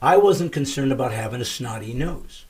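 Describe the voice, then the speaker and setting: A middle-aged man hosting his comedy podcast, telling stories with emphatic, shouted punchlines. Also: medium pitch, expressive, normal speed. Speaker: comedian host. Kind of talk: comedic podcast monologue and banter.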